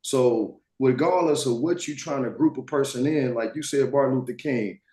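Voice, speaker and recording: A man's voice: medium pitch, moderate pace, dark tone. A man in his thirties in a casual group discussion, talking assertively and cutting in. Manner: assertive, cuts in. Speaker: discussion participant. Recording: roomy echo.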